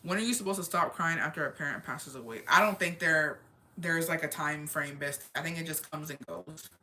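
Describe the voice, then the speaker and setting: A young woman with a fairly low, bright and forceful voice hosts a casual chat answering viewer comments. She speaks candidly and emphatically, swearing freely and dropping Spanish phrases into her talk. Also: brisk. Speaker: livestream host.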